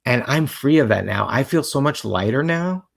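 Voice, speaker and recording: Earnest man with a gravelly voice. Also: mid-range voice, lively intonation, normal speed. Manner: earnest, reflective, with many fillers. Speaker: co-host of a couples livestream. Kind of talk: casual conversational talk.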